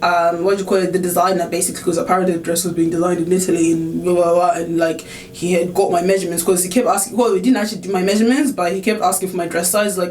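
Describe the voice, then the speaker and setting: A young woman telling a storytime vlog, animated and indignant, with filler chatter and swearing. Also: lowish voice, fast, few pauses, slight background noise. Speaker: vlogger. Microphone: camera on tripod.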